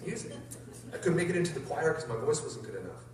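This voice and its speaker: A man from Canada giving an energetic motivational talk to a live audience, telling his story and often turning to the crowd with questions. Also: a little high, quick pace, heavy background noise. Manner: energetic, animated, keeps addressing the audience. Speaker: motivational speaker. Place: large hall with an audience. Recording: very echoey hall, voice from far off.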